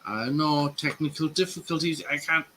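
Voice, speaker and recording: Laid-back joking man, bright tone, video call. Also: on the high side, fairly quick, slight background noise, low-quality recording. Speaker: participant in video hangout. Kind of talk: casual group chat.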